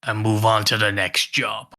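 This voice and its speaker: A man playing a gruff bugbear grunt. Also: fairly low pitch, level tone, normal speed, sharp tone. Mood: wary. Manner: blunt, rough and swearing. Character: gruff male bugbear grunt, crude and dismissive. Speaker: game master.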